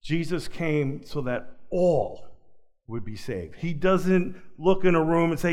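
Preaching slowly, a man alternates forceful, booming peaks with soft, murmured asides. Now and then he lets out a chuckle.

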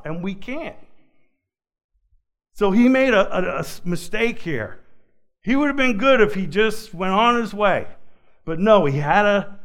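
A man preaches a sermon, swinging between loud, emphatic peaks and soft, low asides. Now and then he chuckles.

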